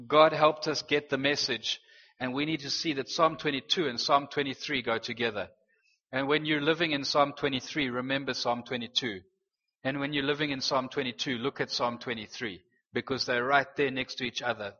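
A man's voice: mid-range voice, bright, forceful tone. Earnest male pastor preaching in a reverberant hall. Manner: earnest, dramatic scripture reading with rising intensity. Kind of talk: sermon. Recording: dull lo-fi audio in a reverberant hall.

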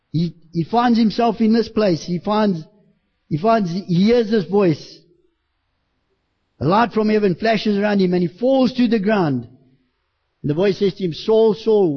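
A man's voice: high-pitched, muffled recording. A man preaching a sermon to a morning congregation, emphatic, acting out quoted voices and repeating phrases for effect. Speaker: pastor.

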